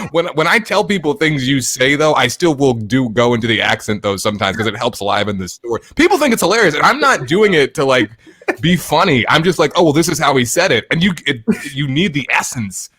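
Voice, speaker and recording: A man co-hosting a podcast in easygoing chat, with a lively, swooping pitch and a lot of laughter. His voice is recorded close and dry, without room echo. He talks in loose sentences full of fillers and restarts. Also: a little fast. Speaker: podcast co-host. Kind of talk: casual chat.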